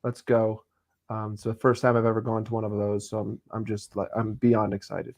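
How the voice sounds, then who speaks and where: A man's voice: on the low side, completely flat delivery, moderate pace, a little mellow. A man joining a casual stream by video call from a hotel room, talking in a laid-back way with stumbling restarts. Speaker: guest. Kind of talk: casual chat.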